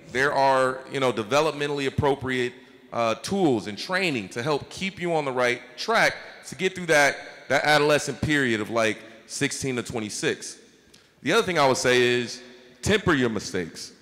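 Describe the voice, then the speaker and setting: A man's voice: medium pitch, bright, forceful tone. Mayor guy in his 30s giving earnest advice at a town hall, keeps saying right?, long echoey hall sound. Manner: earnest, encouraging, repeats "right?". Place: large school hall.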